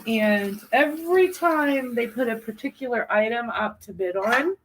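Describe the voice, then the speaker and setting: A woman's voice: a little high, animated, measured pace, a little hiss or hum, rough recording. A woman co-hosting a casual chat, telling an exasperated, ranting story. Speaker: co-host.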